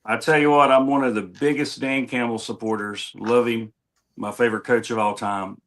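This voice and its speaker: A man's voice: medium pitch, steady tone, normal speed, a bit bright. A man on a streamed sports talk show, speaking in short, fervent, punchy sentences as he backs another panelist. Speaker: co-host panelist. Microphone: online stream call.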